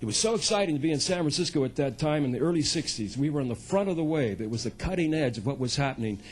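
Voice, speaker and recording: A man's voice: a little high, lively intonation, fast talker, slightly rough. A man in his sixties, a folk singer telling loose, chatty stories from a club stage and chuckling at his own anecdotes. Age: 60s. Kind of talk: onstage storytelling monologue.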